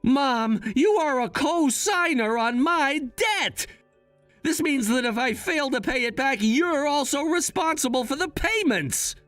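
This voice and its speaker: A man's voice: very high voice, animated, a little slow, a bit bright, no echo, soft background music, heavily acted. A man voicing a coolly scheming adult son in a text-message story drama, firm and matter-of-fact.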